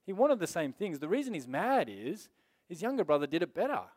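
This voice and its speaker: A man's voice: sits high, sing-song, brisk, darkish tone. A man, preaching a sermon in an emphatic, conversational way. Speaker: pastor.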